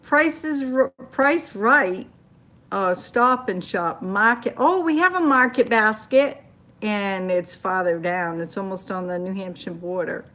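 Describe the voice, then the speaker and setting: A woman's voice: mid-range voice, a little slow, pushed and bright. An older woman from Maine with a Maine accent, casually chatting on a phone livestream, reading viewer comments and telling stories. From Maine, USA. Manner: chatty storytelling, reacting to comments.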